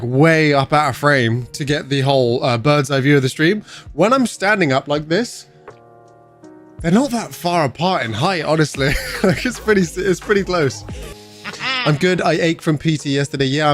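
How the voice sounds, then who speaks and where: Chatty British male streamer, faint music. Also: fairly high pitch. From United Kingdom. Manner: upbeat and chatty, greeting viewers by name. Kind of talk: casual livestream chat. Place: bedroom streaming setup.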